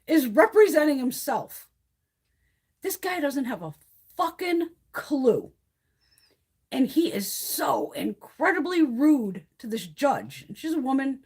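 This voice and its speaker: A woman's voice: high-pitched, big pitch swings, slow, darkish tone. A middle-aged woman from Connecticut, chatting casually on a live stream from her phone at home, telling rambling, profane stories. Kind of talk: casual chat. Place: home by a wood stove.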